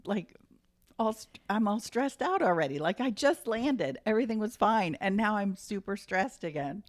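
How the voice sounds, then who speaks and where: A woman's voice: medium pitch, normal speed. A middle-aged woman, a mother co-hosting a casual family podcast, telling stories and acting out what people said. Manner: animated storyteller, acts out quotes. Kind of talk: casual chat.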